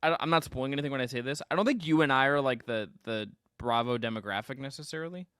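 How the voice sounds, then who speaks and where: Fast-talking, bright-voiced podcast man. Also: mid-range voice, clean tone, no echo, clean studio sound. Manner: animated, quick, stumbles into restarts. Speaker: podcast co-host. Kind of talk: casual sports podcast chat.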